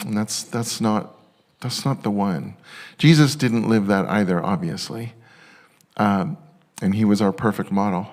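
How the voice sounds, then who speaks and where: Excitable halting male pastor, lowish voice. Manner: excitable, halting, many restarts; tender and emotional at times. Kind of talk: sermon.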